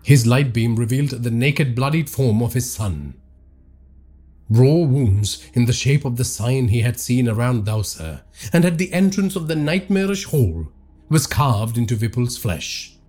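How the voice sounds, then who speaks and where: A man narrating a horror story in a dramatic, expressive reading. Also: medium pitch, unhurried.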